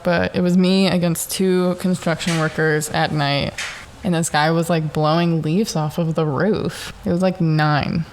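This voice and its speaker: A young adult woman hosting a casual solo podcast from her home in Southern California. She tells stories in a profane, animated way and laughs often. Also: sits low, unhurried, slight background noise. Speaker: podcast host.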